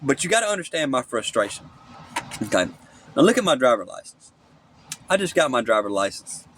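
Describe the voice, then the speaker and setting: A man films himself on his phone's front camera, ranting angrily and profanely to the camera as a self-recording vlogger, saying "okay?" again and again. His mid-range voice swings widely in pitch, moves a little fast, sounds a bit bright, and carries a slight hiss or hum.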